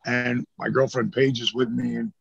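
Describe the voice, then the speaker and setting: A gravelly, husky older man tells stories in a loose interview, jumping into the voices of the people he quotes and cursing freely. The sound is dry and dull, with a lo-fi edge from a remote recording. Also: medium pitch, normal speed, no echo. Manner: animated storyteller, acts out quoted voices, swears casually. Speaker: interview guest, former pro wrestler. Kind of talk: casual storytelling interview.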